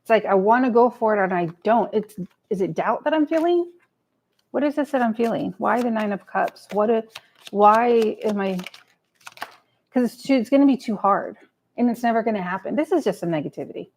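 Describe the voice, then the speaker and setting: A woman reading tarot on a livestream in a loose, chatty way, swearing freely and muttering half to herself. Her mid-pitched voice has some gravelly fry in it. There is a faint hiss in the background. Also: expressive, moderate pace, poor audio. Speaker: tarot reader. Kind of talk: live tarot reading, casual chat. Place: home table with a cat nearby.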